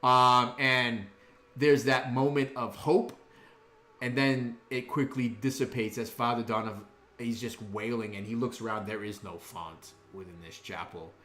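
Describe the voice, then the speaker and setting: A man's voice: mid-range voice, steady tone, moderate pace, fairly bright tone. Man running a tabletop game, easygoing, lots of ums, echoey room. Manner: laid-back, lots of ums and chuckles. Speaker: dungeon master.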